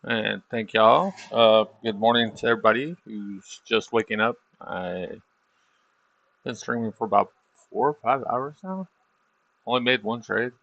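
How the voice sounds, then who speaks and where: A man's voice: lowish voice, a little slow, creaky, fairly bright tone, no room sound, lo-fi sound. A middle-aged man livestreaming his trading, talking casually in a rambling, self-deprecating way. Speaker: livestreaming trader.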